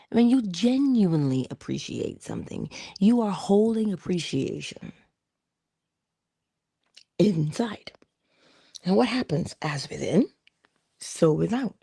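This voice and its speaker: A middle-aged woman hosting a casual motivational talk, telling personal stories with laughter and hushed asides. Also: lowish voice, gravelly, husky, no room sound, clean studio sound. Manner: animated storytelling, laughs often, drops into hushed asides. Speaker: channel host.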